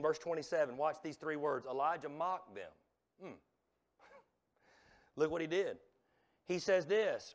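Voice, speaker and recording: High-voiced preacher swinging loud to hushed. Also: male voice, unhurried, pauses often. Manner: swings from loud exhortation to hushed near-whisper. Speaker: revival preacher. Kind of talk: revival sermon. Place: church sanctuary.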